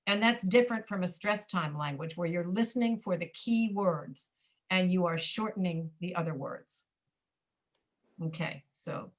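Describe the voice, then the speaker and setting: A woman teaching a pronunciation class over a video call, demonstrating reduced speech and often checking that students understand. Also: medium pitch.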